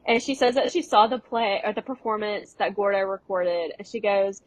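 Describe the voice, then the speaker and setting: A woman's voice: medium pitch, normal speed, no room sound, poor audio. A young woman co-hosting a podcast, casually recapping a TV episode and acting out the characters' lines in playful voices. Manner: animated retelling, acting out quotes in voices. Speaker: podcast co-host.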